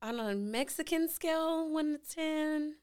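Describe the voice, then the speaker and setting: A woman's voice: sits high, a little slow, darkish tone. Teasing young woman guest, "y'all" and "girl". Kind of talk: casual chat.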